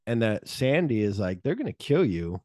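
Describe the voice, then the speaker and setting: A man's voice: medium pitch, very animated, normal speed, a little mellow, dry recording, clean studio sound. A man co-hosting a casual podcast chat, animatedly retelling a film's scenes, acting out the characters' lines and swearing freely. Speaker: podcast co-host. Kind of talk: casual chat recapping a film.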